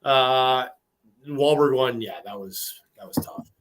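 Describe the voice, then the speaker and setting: A man co-hosting a podcast, chatting casually in an agreeable, halting way. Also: mid-range voice, fairly bright tone. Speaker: podcast co-host. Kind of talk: casual chat.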